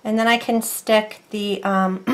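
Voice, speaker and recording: A woman's voice: medium pitch, steady tone, slow. A woman talks her way through a crafting tutorial at home. Her chat is loose and rambling, full of restarts and asides. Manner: rambling, chatty, self-interrupting. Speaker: craft vlogger.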